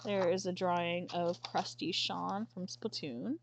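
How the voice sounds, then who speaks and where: A woman streamer chatting casually and haltingly, sometimes tearful and apologizing. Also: lowish voice, fairly even intonation, creaky, background noise. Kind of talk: casual chat while showing a sketchbook.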